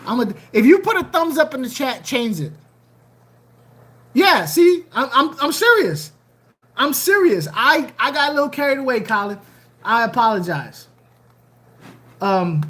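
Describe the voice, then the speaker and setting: An aquarium channel host chatting casually on a livestream, animated and joking, often repeating phrases. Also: mid-range voice, slight background noise.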